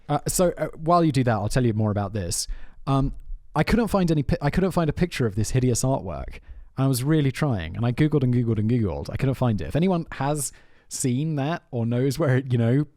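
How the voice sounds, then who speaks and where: A man's voice: mid-range voice, a little fast, hardly any pauses, no room sound, studio quality. A man hosting a podcast, casually telling prank stories and often trailing off mid-thought. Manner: animated storyteller who trails off mid-thought. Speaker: podcast host. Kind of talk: casual chat.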